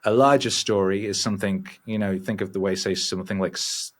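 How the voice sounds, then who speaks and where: Brief: middle-aged man, lowish voice, profane and animated storyteller. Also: fairly quick. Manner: swears freely, animated and rambling. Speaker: podcast guest. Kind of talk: casual storytelling.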